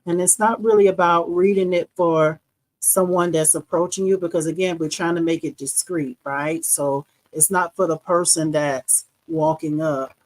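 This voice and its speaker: A woman's voice: fairly low pitch, steady tone, moderate pace, a little mellow, low-quality recording. Chatty woman hosting a craft livestream. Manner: chatty, addresses viewers as y'all, laughs often. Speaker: embroidery livestream host. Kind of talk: casual live demo chat.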